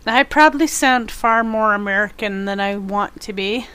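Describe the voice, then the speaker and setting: A woman's voice: mid-range voice, normal speed, pushed and bright, smooth, dry recording. A young woman from Canada, chatting casually and giggling as she streams a game and talks to her viewers. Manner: chatty, giggly, reacts to chat. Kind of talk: casual chat with live viewers.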